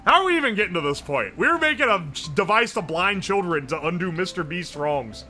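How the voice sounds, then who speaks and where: Young man, from West Virginia, livestreamer, loud, profane, joking, high voice, very bright and sharp tone. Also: very animated, a little fast, soft background music. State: sore throat from streaming. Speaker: streamer. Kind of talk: casual livestream chat reading chat.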